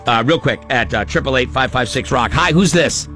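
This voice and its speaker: A man hosting a radio morning show, bantering with callers in an exclamatory, quick-reacting way. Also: medium pitch, sharp tone. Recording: radio studio with music bed.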